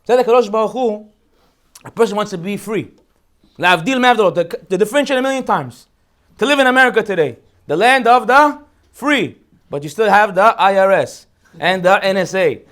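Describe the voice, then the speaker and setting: Fast-talking high-voiced rabbi, man. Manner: animated storytelling, rhetorical questions. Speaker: rabbi teaching a holiday class. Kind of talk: humorous Torah lecture.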